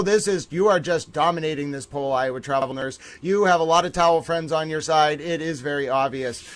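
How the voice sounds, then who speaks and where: A man hosting a livestream, giving animated, theatrical commentary on court trials and talking straight to his viewers. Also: a little high. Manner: animated, theatrical, keeps saying "ladies and gentlemen".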